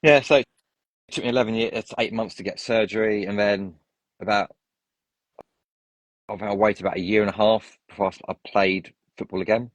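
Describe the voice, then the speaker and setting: Englishman, low register, rambling anecdotal guest, dry close sound. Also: steady tone, a little fast, pauses often, dry recording. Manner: rambling, full of restarts and tangents. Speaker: interview guest. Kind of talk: casual storytelling.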